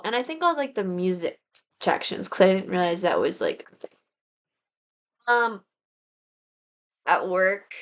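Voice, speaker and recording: A young woman in her twenties chatting casually to camera in a rambling monthly recap, full of "like" and "um". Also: on the low side. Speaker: vlogger.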